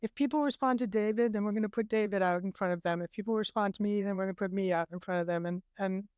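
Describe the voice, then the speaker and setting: A woman speaks as a documentary director guest in a relaxed interview. Her voice is smooth and clear at a middle pitch, and the sound is dry and close. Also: fast, no echo. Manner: relaxed, laughing asides. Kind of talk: casual interview answers.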